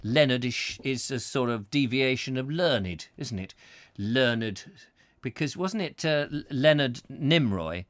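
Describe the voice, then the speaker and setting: Rambling comic host. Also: male voice, medium pitch, fairly bright tone, no echo, studio quality. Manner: rambling, playful, slips into silly voices. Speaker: host of a comedy chat show. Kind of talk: rambling comic live-stream chat.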